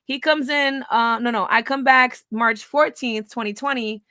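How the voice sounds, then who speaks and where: Woman vlogger, high bright voice, dry close sound, blunt and profane storytelling. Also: normal speed, dry recording. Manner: blunt, profane, laughing, scornful. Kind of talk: casual storytelling, reading old messages.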